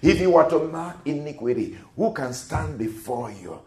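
A man preaching and praying as a pastor, repeating phrases as his voice swells loud and drops low. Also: big pitch swings, echoey room. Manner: slow, swelling preaching with repeated phrases, rising to near-shouts and dropping low. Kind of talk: sermon with prayer.

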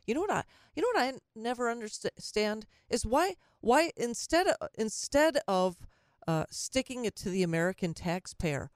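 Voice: mid-range voice, a little mellow, dry recording, studio quality. A talk radio host delivering an opinionated monologue, sarcastic and often stumbling and restarting mid-sentence.

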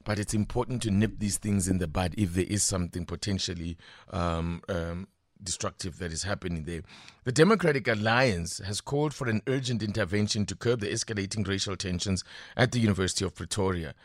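A man's voice: sits low, brisk, no room sound, clean studio sound. South African male radio host. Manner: probing, conversational questioning. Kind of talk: breakfast radio interview.

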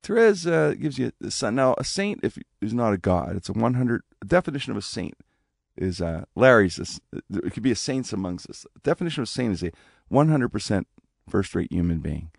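A man casually telling a personal story, animated, acting out the voices of people he quotes. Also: a little fast, gravelly, no echo, studio quality. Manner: animated, acts out quoted speech with big pitch jumps.

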